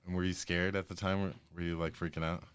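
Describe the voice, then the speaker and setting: Deep-voiced male podcast host. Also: level tone, quick pace, clear, resonant tone, no room sound. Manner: probing, affirming, uses filler "like". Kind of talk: interview conversation.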